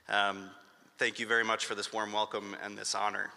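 A man's voice: fairly low pitch, level tone, moderate pace, creaky, sharp tone. A man in his thirties from northern Michigan giving an earnest acceptance speech with touches of humor in a hotel ballroom. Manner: earnest and emotional, with light humor. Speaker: award honoree giving a speech. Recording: long hall reverb.

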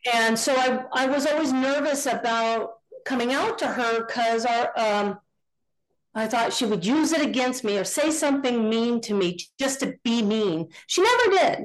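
A woman's voice: fairly high pitch, normal speed, poor audio. A middle-aged woman, a guest on an interview show, telling family stories casually and acting out the dialogue. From Northern California. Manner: animated storyteller, acts out quoted dialogue. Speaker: guest, contractor.

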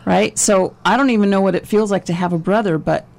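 A woman's voice: mid-range voice, quick pace, creaky, darkish tone. A woman interviewing a guest, who asks probing questions and rephrases them again and again.

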